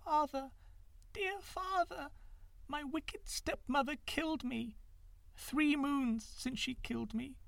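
A pitiful ghost girl speaks in a thin, quavering voice pitched far up, as a male storyteller puts her on. She sounds small and mournful. The sound is dry and close. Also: slow pace, vocal fry, a bit bright, dry recording, exaggerated voice. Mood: sorrowful.

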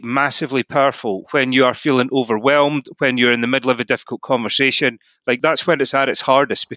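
A Scottish man speaks as a podcast guest, with a bright, forward tone at a middle pitch. He explains ideas earnestly and leans on "you know" between thoughts. The sound is dry and close. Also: no echo. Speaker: podcast guest, mindset coach. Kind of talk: casual podcast conversation.

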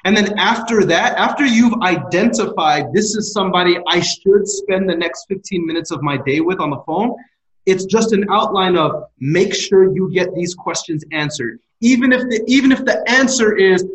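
Eager high-voiced man in a roomy space. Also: normal speed. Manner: emphatic and eager, repeats words. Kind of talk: casual podcast conversation.

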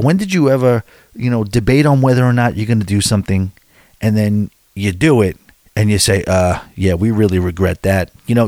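A man's voice: mid-range voice, a little mellow, no echo, clean studio sound. A man in his forties, chatting casually and telling rambling, self-deprecating stories with many restarts. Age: 40s. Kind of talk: casual chat.

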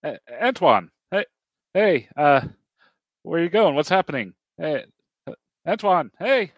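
A man's voice: on the high side, slow pace, no room sound, lo-fi sound, pitched above the performer's own voice. A man voicing a frightened character lost in a foggy dream, calling out hesitantly for help. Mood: pleading.

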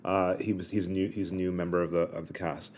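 A man co-hosting a podcast in casual chat, halting and repeating words as he reflects. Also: deep voice, level tone, a little mellow. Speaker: podcast co-host.

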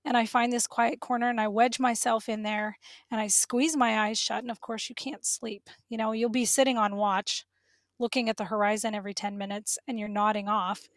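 A woman's voice: fairly high pitch, brisk, dry recording, clean studio sound. Emotional woman telling a story. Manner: animated, emotional, laughs often. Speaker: guest. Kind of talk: personal storytelling.

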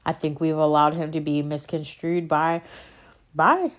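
A faith vlogger with a low, flat, unhurried voice delivers a casual spiritual monologue. She talks about her faith with real passion, rambling and cutting herself off as she gets worked up.

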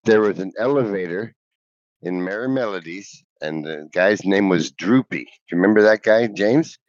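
A man in casual chat, excitable and teasing, often laughing. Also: deep voice, normal speed, no room sound. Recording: dull lo-fi sound.

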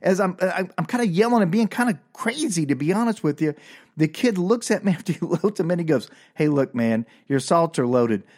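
An older man hosting a podcast, telling a self-mocking comic story with animated, exasperated outbursts. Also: high voice, fairly quick, breathy edge. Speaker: podcast host.

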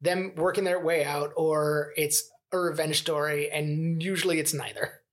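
A man's voice: on the high side, flat delivery, normal speed. A man co-hosting a podcast, critiquing a film in casual, rambling chat that is full of "like.". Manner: chatty, rambling, lots of "like" fillers. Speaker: podcast co-host.

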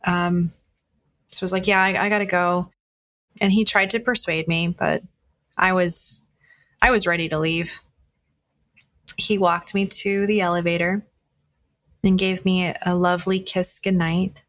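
A woman's voice: lowish voice, fairly even intonation, a little slow, long pauses, fairly bright tone. A woman hosting a podcast, candidly telling a personal dating story to listeners, speaking bluntly and swearing freely, with frequent restarts. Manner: frequent restarts and fillers, conversational retelling. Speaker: podcast host.

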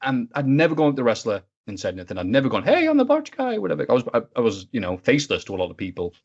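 Fast-talking man, lo-fi. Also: medium pitch, vocal fry. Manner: animated, acts out voices in his stories, swears. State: sick, stuffy. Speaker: interview guest, video maker. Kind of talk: casual podcast storytelling.

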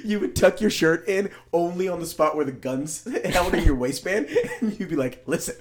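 A man's voice: fairly high pitch, moderate pace. A young man in casual chat, telling stories with put-on voices and laughing often. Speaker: co-host.

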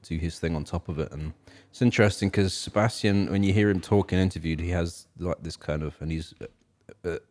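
On a casual music podcast, a male co-host with a very low, slightly mellow voice talks briskly and chats easily with his partner. His thoughts ramble, full of fillers and restarts.

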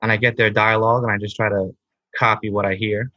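A man's voice: on the low side, little pitch movement, fast talker, pushed and bright, no room sound, muffled recording. A man co-hosting a casual chat in an enthusiastic, easygoing way. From United States. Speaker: podcast co-host. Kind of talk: casual chat, then reading a script.

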